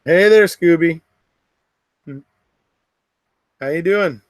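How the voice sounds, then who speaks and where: Hosting a relaxed livestream, a middle-aged West Coast American man rambles to viewers, slipping quick laughs between comments. He speaks at a fairly high pitch, and there's no echo.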